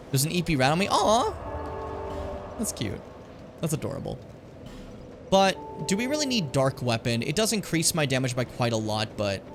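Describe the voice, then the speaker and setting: A young man commenting on his own gameplay in a casual stream, muttering to himself and then yelling at enemies. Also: medium pitch. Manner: animated, swings from mutters to yells at enemies.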